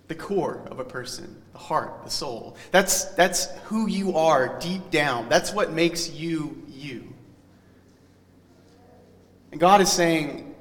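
A male pastor delivering a sermon in an earnest, teacherly way, pressing key words and trailing off softly at the ends of phrases. His voice sits a little high for a man. The sound carries a long reverb, as in a church sanctuary.

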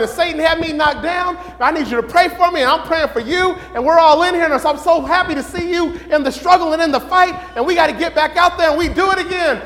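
A man teaching a Bible lesson in sermon style, questioning the room and building to excited shouts. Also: very high voice, fairly quick, long reverb tail.

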